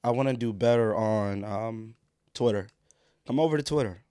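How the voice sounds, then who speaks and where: A man co-hosting a podcast in casual chat, his voice hoarse from losing it, laid-back and joking with plenty of slang. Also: lowish voice, moderate pace, mellow, no room sound, studio quality. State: hoarse, lost voice. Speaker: podcast co-host.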